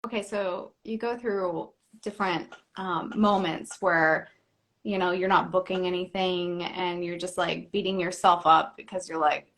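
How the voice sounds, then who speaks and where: A young woman, an actress and comedian, chatting as a guest in a live interview, animated and playing out little quoted voices as she laughs. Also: on the low side, a little slow. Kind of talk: lively live interview chat.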